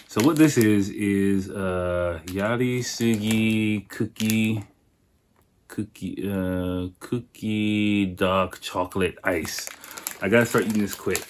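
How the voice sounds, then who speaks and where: Low-voiced, profane podcast host. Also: male voice, a little mellow, slight background noise. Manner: profane, rambling, chatty. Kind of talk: casual food-tasting podcast chat.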